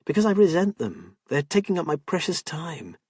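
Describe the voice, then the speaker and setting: A man's voice: fairly high pitch, big pitch swings, normal speed, breathy edge, dry recording, studio quality, voice pushed up. A man voicing a stressed, overworked woman who snaps impatiently and then breaks down, in an audiobook. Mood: resentful. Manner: sharp and impatient, turning tearful. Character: tense overworked woman artist, snappish.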